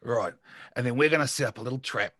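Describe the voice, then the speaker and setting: A man with an English accent speaks gruffly and menacingly in character at a tabletop game. His voice is bright and forward, recorded close and dry. He swears freely as he gives orders. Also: medium pitch, fast talker, no echo. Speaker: tabletop player. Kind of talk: in-character tabletop role-play.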